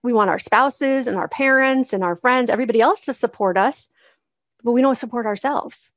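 A woman's voice: on the high side, brisk, a bit bright, no echo, clean studio sound. A woman hosting a solo podcast, coaching moms in a casual, encouraging way and acting out the voices she quotes.

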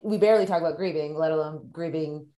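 A woman's voice: low-pitched, quick pace, dark tone. A woman in a reflective casual conversation who speaks hesitantly, restarting her sentences. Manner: thoughtful, hesitant, many restarts.

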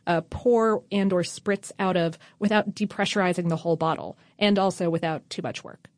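A woman's voice: lowish voice, steady tone, moderate pace, dry recording. A woman co-hosting a casual history podcast, reading out facts with wry offhand asides. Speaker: podcast co-host.

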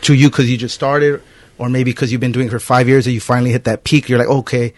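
A man's voice: mid-range voice, fairly even intonation, quick pace, dry recording. A man hosting a podcast in a loose, casual chat, rambling with lots of filler words. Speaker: podcast host. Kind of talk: casual conversational interview.

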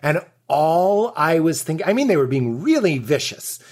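A man's voice: a little high, moderate pace. A man, a comedian guest on a podcast, chatting casually and telling stories with lots of acted-out quotes and laughter. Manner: animated storytelling, acts out quotes, laughs often.

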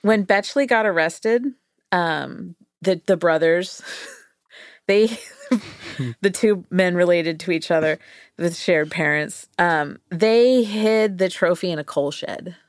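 A woman's voice: lowish voice, slow pace, dry recording, clean studio sound. A woman co-hosting a podcast, telling a story in a playful, casual way, laughing often and acting out quoted voices. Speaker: podcast co-host.

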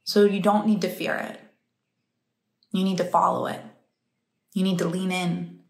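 A woman's voice: fairly low pitch, flat delivery, measured pace, creaky, roomy sound. A woman who teaches breathwork and meditation, talking in a casual, heartfelt motivational monologue and laughing easily.

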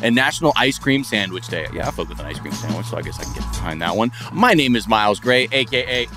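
A man's voice: medium pitch, animated, fast, pushed and bright, faint music behind. A man hosting a casual comedy podcast, riffing playfully and jumping into goofy bits. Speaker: podcast host.

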